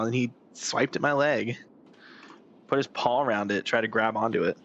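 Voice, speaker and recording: A man's voice: mid-range voice, normal speed, fairly bright tone, lo-fi sound. A young man streaming a game, chatting casually with a playful, teasing tone. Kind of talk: casual live-stream chat. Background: game music.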